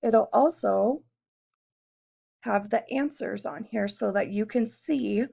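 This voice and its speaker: A woman's voice: medium pitch, takes it slowly, gravelly, dark tone. A woman teacher giving a recorded classroom lesson, explaining patiently step by step and posing questions to her students. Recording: dull lo-fi recording.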